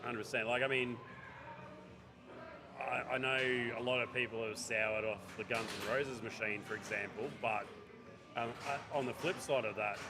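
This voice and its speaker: A man gives relaxed live commentary at a pinball club, chatty and full of small hesitations. His voice sits at an average pitch for a man. Loud music plays behind him. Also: moderate pace. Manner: chatty, hesitant with frequent ums. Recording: music playing loudly behind.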